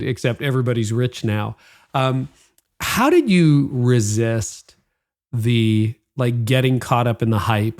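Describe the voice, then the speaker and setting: A male podcast host asks his guest long questions, thinking aloud in a relaxed conversational way. His voice sits at an ordinary middle pitch for a man. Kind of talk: interview questions.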